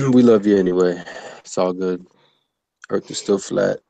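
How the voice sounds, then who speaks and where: A man's voice: sits low, unhurried, vocal fry, warm tone, no room sound, low-quality recording. A man co-hosting an online talk show in casual chat, mocking critics and bantering. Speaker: co-host.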